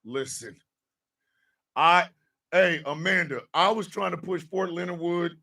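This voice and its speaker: Middle-aged man, gravelly husky voice, bright high tone, animated profane storytelling, slightly distant mic. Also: measured pace. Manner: animated storyteller, profane, mimics drill sergeants. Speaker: radio show host. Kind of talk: storytelling on a morning radio show.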